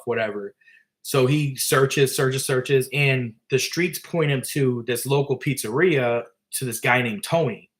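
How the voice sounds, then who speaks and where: A man telling a story in loose, casual talk at a middling pitch. He rambles and leans on fillers as he goes. His tone is conversational rather than performed. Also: steady tone, moderate pace. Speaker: author and storyteller.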